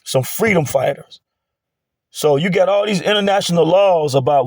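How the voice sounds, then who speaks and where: A man's voice: a little high, normal speed, a little mellow, no room sound. A man in his forties, host of his own talk show, delivering a blunt, heated, profane casual monologue. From United States.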